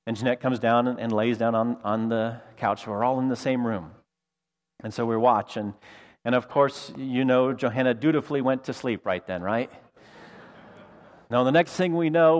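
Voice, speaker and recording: A middle-aged man preaching a sermon, telling a family story with lively quoted voices. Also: mid-range voice. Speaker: pastor.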